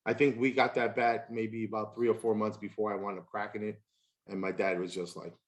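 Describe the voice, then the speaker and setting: A man's voice: fairly low pitch, flat delivery, a little fast. A man hosting a casual interview, telling folksy stories with a chuckle. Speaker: podcast host, former catcher.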